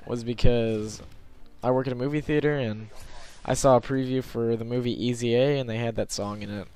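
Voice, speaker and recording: A young man giving rambling, self-conscious gameplay commentary from his bed late at night, filling pauses with lots of ums. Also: mid-range voice, fairly even intonation, dark tone, clean tone.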